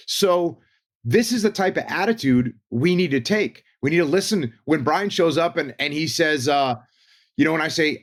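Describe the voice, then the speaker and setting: A man's voice: on the high side, lively intonation, normal speed. A man talking on a podcast panel in a casual, teaching way, driving his points home by repeating them as lists.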